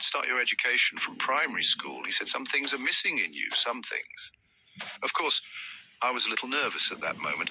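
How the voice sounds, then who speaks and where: A man's voice: fairly low pitch, sharp tone, slight background noise, rough recording. A man giving a motivational storytelling talk as a trainer, acting out the dialogue he quotes. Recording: music playing behind voice.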